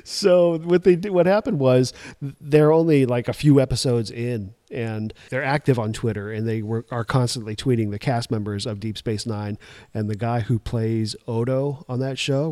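A man co-hosting a podcast in casual chat, laughing often in relaxed banter. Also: mid-range voice, no room sound. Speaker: podcast co-host.

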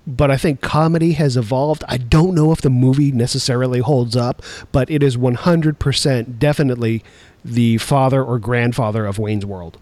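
A man in his forties co-hosting a casual podcast, with a mid-range voice. He tells stories in a nostalgic, animated way, and the recording is dry and close. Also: medium pitch, normal speed, no echo. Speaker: podcast co-host. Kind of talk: casual chat.

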